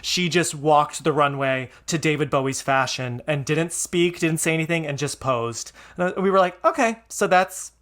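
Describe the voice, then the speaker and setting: A man's voice: fairly high pitch, normal speed, hardly any pauses, a bit bright. A middle-aged man hosting a podcast, chatting casually and gushing with enthusiasm, full of fillers. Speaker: podcast host. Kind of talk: casual chat.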